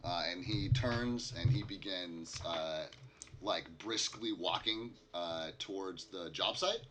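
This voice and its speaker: A man's voice: low-pitched, takes it slowly, very noisy. A man running a tabletop game as game master, narrating with lots of hesitations and restarts.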